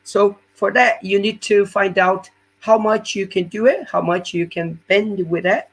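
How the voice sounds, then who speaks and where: A fitness coach leads a live webinar on core exercises, walking through each step in non-native English and frequently checking in with "yeah?". His voice is high, slightly bright and husky, and he speaks a little slowly.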